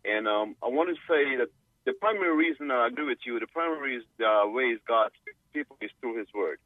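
A man's voice: mid-range voice, expressive, fairly quick, no room sound. Earnest male caller on a tinny phone line. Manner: earnest, searching for words with fillers. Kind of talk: phone-in comment.

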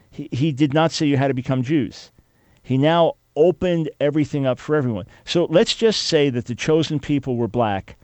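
An emphatic male radio host who talks a caller through his points with earnest, steady conviction. His voice is warm and mellow, and it is recorded dry and close with no room sound. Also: mid-range voice, no echo. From Jewish follower of Jesus. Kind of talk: call-in radio talk.

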